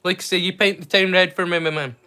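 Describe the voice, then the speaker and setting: Guy rambling thru a movie watch-along stream, bright voice, bit high. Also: fairly even intonation, fast, clear, resonant tone. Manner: chatty, rambling, self-correcting. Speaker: livestream host. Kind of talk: casual watch-along chat.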